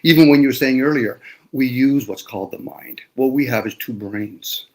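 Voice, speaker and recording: A man's voice: medium pitch, moderate pace. A man speaking in a casual panel discussion, lecturing emphatically with frequent swearing.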